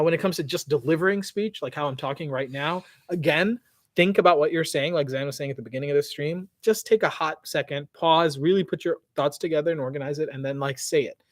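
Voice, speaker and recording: A man's voice: on the high side, no room sound. Slangy male livestream host, dry sound. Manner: slangy, animated, trails off. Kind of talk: casual livestream Q&A. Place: outdoors by parked cars.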